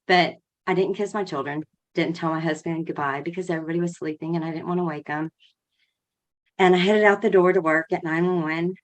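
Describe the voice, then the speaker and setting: A middle-aged woman, a former emergency dispatcher, telling a personal story as a podcast guest and holding back tears. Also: fairly low pitch. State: emotional, close to tears.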